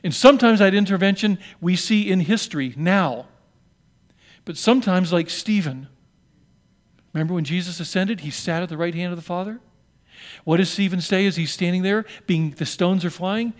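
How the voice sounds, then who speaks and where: A male pastor with a fairly high voice, preaching a sermon. He tells the story in an animated way and keeps turning to the congregation with questions. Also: moderate pace.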